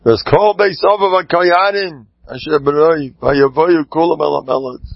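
A man giving a dramatic Torah class, swinging from muttered asides to impassioned shouts. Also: a little high, normal speed, gravelly, no room sound, highs cut off. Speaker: Torah teacher.

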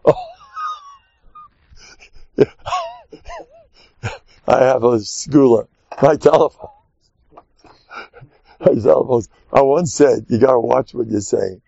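A man's voice: mid-range voice, slow, vocal fry, long pauses, husky, no echo. An older man, giving an informal sermon full of stories and acted-out quotes. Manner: animated storyteller, acts out quotes, chuckles often. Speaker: rabbi giving a talk. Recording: muffled dry recording.

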